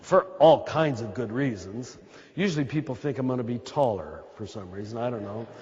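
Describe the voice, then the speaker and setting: An American Catholic priest gives a spiritual talk to a live audience in a large hall, his throaty, medium-pitched voice animated, a little mellow and breathy at normal speed. He speaks straight to his listeners, emphatic and repeating his points, with big-room sound and the highs cut off.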